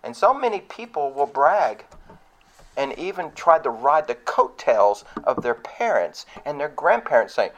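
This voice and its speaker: A man's voice: a little high, very animated, a little slow, a little hiss or hum. A man preaching a sermon in a conversational, emphatic way, full of rhetorical questions and mocking asides.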